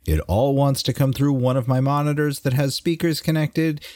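A man's voice: mid-range voice, steady tone, moderate pace, darkish tone, no echo, clean studio sound. A man co-hosting a casual podcast, rambling and self-mocking. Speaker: podcast co-host. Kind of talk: casual chat.

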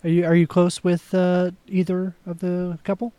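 A man playing a police officer in a tabletop game, asking halting questions. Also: sits high, completely flat delivery, mellow, clear, resonant tone. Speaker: player.

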